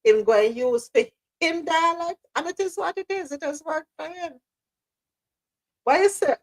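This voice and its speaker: A woman hosting a casual live radio show, animated and laughing often, slipping into patois asides. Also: high-pitched, a little fast.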